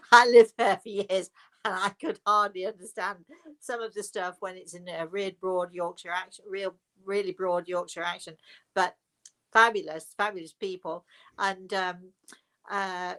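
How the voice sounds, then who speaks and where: A woman's voice: lowish voice, fairly bright tone. Older woman, chatty and digressive. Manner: chatty, digressive, trailing into asides. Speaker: host, spiritual medium. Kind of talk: live question-and-answer talk.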